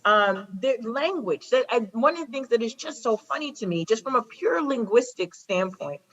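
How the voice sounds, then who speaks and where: A woman's voice: on the high side, animated, normal speed, a bit bright. Emphatic woman from Chicago, muffled audio. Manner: emphatic, repeats key phrases, storytelling. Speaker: guest speaker, prosecutor. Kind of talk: impassioned conversational talk. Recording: slightly dull lo-fi recording.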